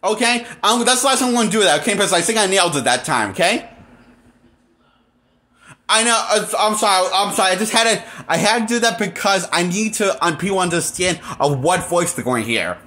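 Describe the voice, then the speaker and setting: A man's voice: high voice, animated, brisk, pushed and bright. A man reviewing a movie in a casual, rambling rant, full of restarts and blunt, exasperated complaints. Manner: rambling, with frequent restarts and fillers. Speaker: movie critic.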